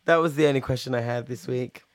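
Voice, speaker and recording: A man's voice: medium pitch, fast talker, no echo. A young man co-hosting a casual chat show, playful and teasing, laughing often. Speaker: podcast co-host.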